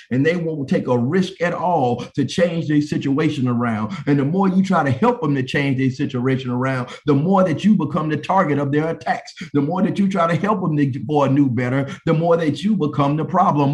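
A man preacher delivering a sermon in a passionate, repetitive, call-and-response manner. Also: mid-range voice.

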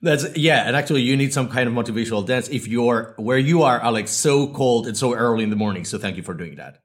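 A man's voice: mid-range voice, quick pace. A man hosting a podcast, introducing guests in an upbeat, rambling, casual way. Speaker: podcast host and company founder.

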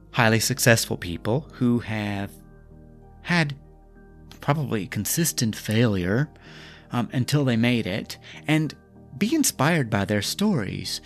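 A man hosting a reflective self-help podcast, speaking gently and asking the listener questions as he coaches. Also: mid-range voice, sing-song, measured pace, creaky, long pauses, faint music behind. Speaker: podcast host. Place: lives in Scotland.

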